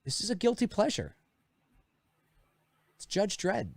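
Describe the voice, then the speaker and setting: A man's voice: high-pitched, huge pitch swings, unhurried, gravelly, no room sound. A man co-hosting a casual podcast chat, rambling and swearing freely. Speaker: podcast co-host.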